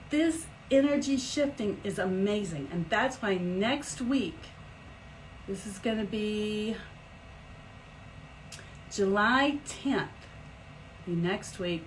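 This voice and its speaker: A middle-aged woman hosting a live stream as an energy healer, talking in a chatty, animated way with big swoops in pitch. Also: a little hiss or hum, poor audio. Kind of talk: casual live-stream talk.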